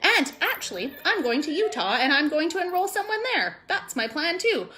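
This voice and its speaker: A woman's voice: sits high, sing-song, moderate pace, sharp tone. A woman vlogging casually to her business team, gushing and rambling with lots of "like" and "totally", sometimes close to tears. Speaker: network marketing vlogger. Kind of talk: casual motivational vlog.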